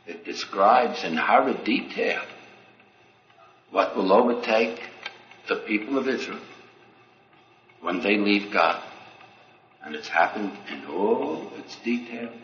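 A man giving a religious lecture, firing rhetorical questions and acting out quoted dialogue. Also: bright, forceful tone. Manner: rhetorical questions, acts out dialogue with sweeping pitch. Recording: echoey, dull lo-fi recording with faint noise.

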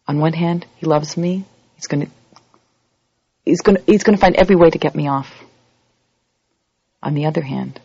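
Gravelly, husky voice giving a holiday sermon. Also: mid-range voice, moderate pace, pauses often, no echo, lo-fi sound. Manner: lively, acts out everyday scenes in other voices. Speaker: religious teacher.

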